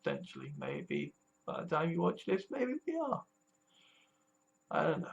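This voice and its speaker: A frightened vlogger speaks straight to camera, voice mid-pitched and unsteady. The talk comes in halting bursts full of swearing and restarts, the sound of someone genuinely scared. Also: wildly swooping pitch, creaky, dull audio. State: scared and distressed. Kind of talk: personal political vlog.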